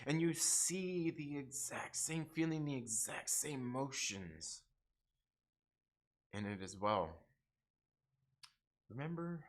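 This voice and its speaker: A young man hosting a casual livestream review, excitable, repeating himself and swearing often. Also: medium pitch, slow, long pauses. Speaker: YouTube show host reviewing TV episodes.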